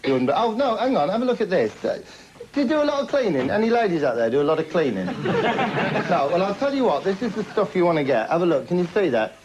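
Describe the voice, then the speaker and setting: A man's voice: high-pitched, very animated, quick pace. A man hosting a comedy show, delivering a chatty, boastful, name-dropping monologue to camera. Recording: dull lo-fi TV recording with noise.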